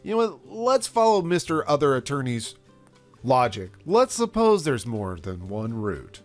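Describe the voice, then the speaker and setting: A man's voice: mid-range voice, very animated, unhurried, faint music behind. A man playing a folksy trial lawyer, addressing a jury in a theatrical courtroom way with a put-on accent.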